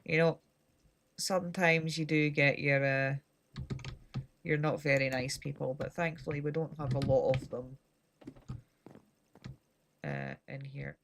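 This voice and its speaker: Gravelly slow-talking Scottish woman. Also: deep voice, expressive, a little hiss or hum. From Scotland. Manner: chatty, rambling, self-deprecating humor. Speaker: streamer. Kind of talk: casual chat while gaming.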